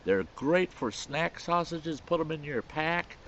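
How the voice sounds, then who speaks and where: Old backwoods hunter, put on by the storyteller, deadpan and higher, muffled faint hiss. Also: male voice, a little slow. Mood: amused. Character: folksy old backwoods bear hunter man.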